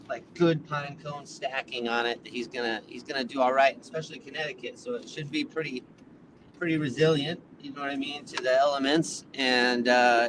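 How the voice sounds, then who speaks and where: A man talking casually over a phone line from a moving car, his words wandering and padded with filler. His voice is mid-range in pitch for a man. A clear wash of background noise sits under everything he says. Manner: rambling, loose, heavy on filler words. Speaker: seed breeder guest. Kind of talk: casual interview chat. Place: in a car while driving. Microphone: phone on a call.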